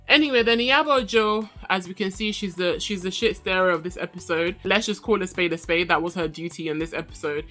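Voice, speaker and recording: A woman's voice: lowish voice, brisk, hardly any pauses, fairly bright tone, faint music behind. Sassy chatty young woman reviewer. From Nigerian heritage. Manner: chatty, sassy, laughs often. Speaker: reality TV reviewer. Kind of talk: casual review chat.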